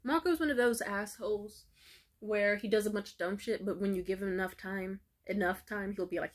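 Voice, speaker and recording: Young adult woman, casual vlog rant, profane, filler-heavy, lively retelling. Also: mid-range voice, brisk. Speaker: vlogger.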